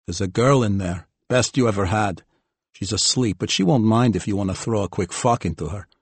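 A male audiobook narrator voicing a spoiled, brash young rich man who talks loudly and whines. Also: fairly low pitch, brisk, husky, dry recording. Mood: casual. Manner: loud, whiny and boastful.

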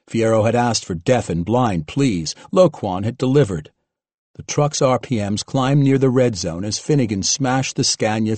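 A man narrating an audiobook in a steady, even manner. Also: fairly low pitch, dry recording. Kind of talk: scripted narration.

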